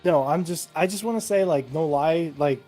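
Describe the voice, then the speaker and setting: Drunk-ish guy rambling and swearing on a call, kinda high voice, faint music under it. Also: moderate pace, mellow. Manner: rambling, profane, emphatic. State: tipsy. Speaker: podcast co-host. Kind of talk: casual chat.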